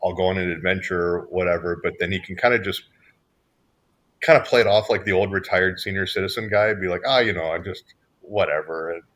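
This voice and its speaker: A man's voice: sits low, level tone, fairly quick, a bit bright. A man from Southern California, co-hosting a podcast in casual chat, rambling with restarts and fillers. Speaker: podcast co-host.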